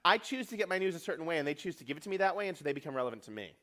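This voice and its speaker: A man's voice: fairly high pitch, expressive, bright, forceful tone. A man giving a comedic keynote to a conference audience, brash and profane, acting out quotes as he goes. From New York. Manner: fast, brash, joking, profane, acts out quotes. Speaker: keynote speaker.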